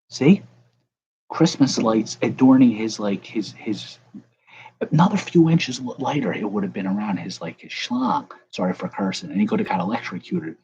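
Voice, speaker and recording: His voice runs on the low side with a darkish tone as he opens baseball cards on camera. Jokey and rambling, the card-breaking vlogger talks right to his viewers. Slight background noise accompanies dull lo-fi audio and faint ambience.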